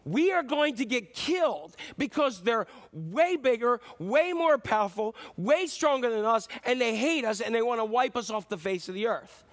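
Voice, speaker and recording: Guy preaching a sermon, real high voice, super lively, acts stuff out and jokes with the crowd. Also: normal speed, hardly any pauses. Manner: animated, acts out shouts and voices for the congregation; jokes with the audience. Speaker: pastor.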